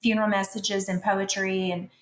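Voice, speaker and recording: A woman author talking as a guest on a podcast, telling stories in a chatty, animated way with self-deprecating humor. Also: medium pitch, moderate pace, roomy sound, a little hiss or hum. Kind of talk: conversational storytelling.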